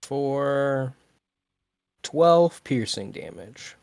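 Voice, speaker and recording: A man playing a tabletop game, describing his character's moves in a deliberate way and thinking aloud while he plans. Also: medium pitch, lively intonation, gravelly, darkish tone, clean tone, dry recording. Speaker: player.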